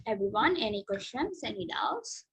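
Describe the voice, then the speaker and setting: A woman's voice: a little high, big pitch swings, normal speed, breathy edge, low-quality recording. A woman teaching a spoken class, patient and encouraging with her students. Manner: patient, encouraging, mixes in Sinhala and Tamil. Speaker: English teacher. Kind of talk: online spoken English class.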